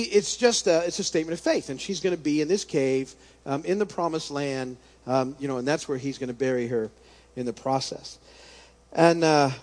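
A man's voice: sits high, darkish tone. Chatty man teaching a Bible study. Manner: conversational, thinks aloud with restarts; reads scripture passages aloud. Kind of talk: casual Bible study talk.

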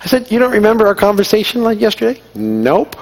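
A man's voice: high voice, little pitch movement, rapid-fire, vocal fry, a crowd in the background. A middle-aged man giving an informal sermon, telling personal stories and acting out the dialogue in a conversational, self-deprecating way. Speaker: pastor.

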